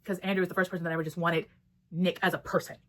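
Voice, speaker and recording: A woman talks through a book in a quick, tumbling rush, with her words crowding together. She is blunt, swears freely, and jumps into the characters' lines as she retells the story, in a casual review chat. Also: on the low side, little pitch movement, a bit bright, a little hiss or hum.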